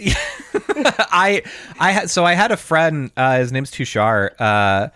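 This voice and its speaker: A fairly high-pitched man chatting loosely on a podcast, wandering through his points with frequent laughter. His voice sits close and dry, with no room around it. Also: very animated, slow pace, sharp tone, no echo. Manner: rambling, laughs often. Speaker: podcast co-host. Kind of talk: casual chat.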